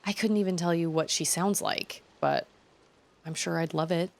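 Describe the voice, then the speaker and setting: Chatty, lowish-voiced woman streamer. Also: steady tone, normal speed. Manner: chatty, self-deprecating, trailing off. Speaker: game streamer. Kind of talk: casual let's-play commentary.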